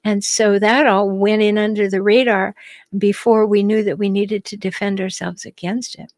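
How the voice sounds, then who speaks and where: Gentle, reassuring woman host, very dry sound. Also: medium pitch, steady tone, moderate pace, dry recording. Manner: gentle, reassuring, reads comments aloud. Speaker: podcast host reading live comments. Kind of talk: live-stream chat with viewers.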